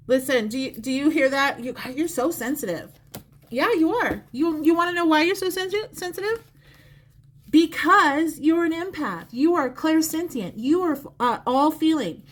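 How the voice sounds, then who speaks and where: A woman's voice: sits high, expressive, moderate pace. A woman giving a psychic reading on a live stream, talking to the viewer directly in a chatty, repetitive way. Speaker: psychic reader. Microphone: phone or close mic on a live stream.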